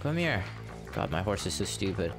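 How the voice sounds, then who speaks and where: A man with a fairly low voice keeps up a loose, profane running commentary while he plays. He chats back and forth with his viewers between moments of action. Game music and horse hooves carry on clearly behind him. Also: big pitch swings, normal speed. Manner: chatty and profane, answering chat while playing. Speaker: game streamer. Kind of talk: casual live gameplay commentary.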